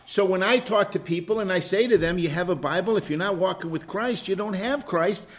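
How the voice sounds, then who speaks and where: A man's voice: high voice, brisk. A man leading an informal Bible study, teaching animatedly and acting out little scenes of dialogue. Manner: animated, plays out quoted dialogue with swings from loud to hushed.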